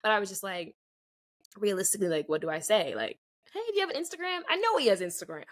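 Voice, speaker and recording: Animated young woman telling a story. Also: mid-range voice, fast. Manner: animated, acts out quoted dialogue, many "like" fillers. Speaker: podcast co-host. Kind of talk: casual storytelling.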